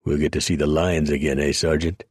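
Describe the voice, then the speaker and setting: A man's voice: a bass voice, level tone, a little fast, darkish tone, husky, dry recording, clean studio sound. A man voicing a domineering, contemptuous Roman centurion with a Southern US accent and a menacing drawl.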